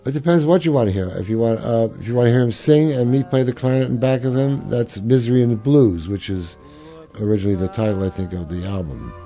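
A man's voice: mid-range voice, quick pace, warm tone, soft background music. An older man, a jazz clarinetist, reminiscing in an interview, rambling with fillers and restarts.

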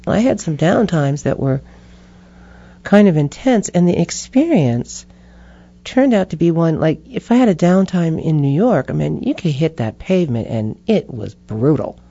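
Expressive woman with a dark, mellow voice. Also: low voice, moderate pace, breathy edge, no room sound. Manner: expressive, animated, acts out inner voices. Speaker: interview guest. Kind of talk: reflective conversational storytelling. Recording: dull muffled interview audio.

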